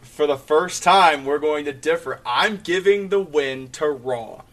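A man co-hosting a chatty podcast, his voice slightly higher than most. He recaps events animatedly and often breaks into laughter. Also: unhurried, a bit bright. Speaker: podcast co-host. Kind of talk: casual chat recapping wrestling shows.

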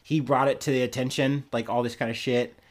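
A man hosting a solo podcast in a casual, conversational tone. He talks bluntly and animatedly, swearing freely, at a medium pitch that is neither high nor low. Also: brisk. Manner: blunt, profane and animated, with frequent laughs. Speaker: podcast host. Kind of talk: casual solo news commentary.

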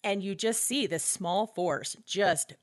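A woman's voice: medium pitch, slow pace, dry recording, studio quality. A woman co-hosting a podcast, retelling film scenes with enthusiasm, swearing freely and acting out characters' lines. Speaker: podcast co-host. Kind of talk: casual film discussion.

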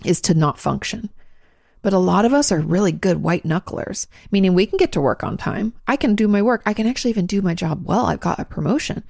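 A woman hosting a show, answering listener questions in a fast, chatty, frank advice talk and swearing now and then. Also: on the low side, gravelly, darkish tone, no echo, studio quality.

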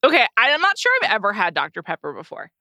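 Woman, 30s, co-host. Bright, animated delivery, dry close-mic sound. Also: mid-range voice, quick pace, no echo. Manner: chatty, laughs often, self-deprecating. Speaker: podcast co-host. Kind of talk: casual chat.

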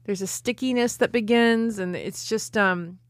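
A woman's voice: medium pitch, unhurried, no echo, clean studio sound. Woman rambling through a profane story. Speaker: podcast co-host. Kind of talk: casual comedic chat.

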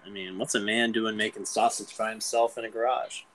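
A man's voice: on the low side, steady tone, fairly quick, crowd noise, poor audio. Joking man telling a story on a podcast. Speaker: podcast co-host. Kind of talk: casual chat.

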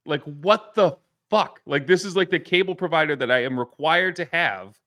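A man's voice: a little high, normal speed, fairly bright tone. A man in his thirties co-hosting a podcast, ranting angrily and swearing in casual chat. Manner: angry, profane ranting. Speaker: podcast co-host.

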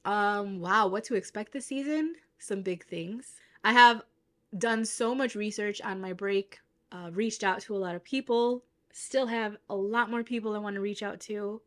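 A young adult woman hosts a casual podcast chat while stuffy-nosed from a cold, staying upbeat and chatty and often laughing at herself. Her voice is medium-pitched, unhurried, and a bit bright.

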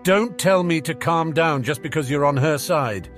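A man voicing a haughty, petulant teenage schoolboy who sneers and shouts at a rival. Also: fairly high pitch, moderate pace, faint music behind, pitched above the performer's own voice, close to an everyday voice. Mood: sneering.

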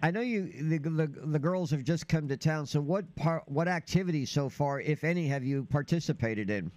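A man hosts a sports talk show from a dry, close studio, and his voice sits a little high. He chats with his guest and asks his questions with easy filler uhs. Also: lively intonation, normal speed, a little mellow, dry recording, muffled recording. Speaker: radio host.

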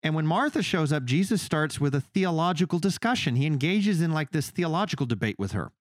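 A man's voice: a little high, fairly quick, no echo, clean studio sound. A man co-hosting a podcast in a casual faith discussion, talking animatedly and acting out the people he quotes. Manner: animated, acts out quoted speakers in his retelling. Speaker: podcast co-host.

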